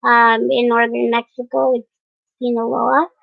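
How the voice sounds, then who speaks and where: A young woman vlogging casually to camera, hesitant and pausing often with fillers. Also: fairly high pitch, level tone, gravelly, dry recording. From United States. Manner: hesitant, many fillers and pauses. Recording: dry, dull lo-fi sound.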